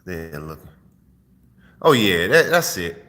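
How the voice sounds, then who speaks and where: Man, vlog host lecturing the fellas; bright, tense tone with a long reverb tail, phone mic. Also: sits low, very animated, takes it slowly. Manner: streetwise, profane, preachy. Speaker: host giving dating advice. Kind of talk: casual vlog monologue. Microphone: phone held while filming.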